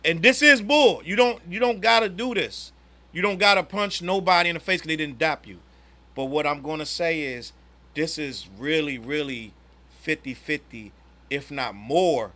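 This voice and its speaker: A man co-hosting a casual podcast chat, telling a story in an animated way with quick restarts. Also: on the high side. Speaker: podcast co-host.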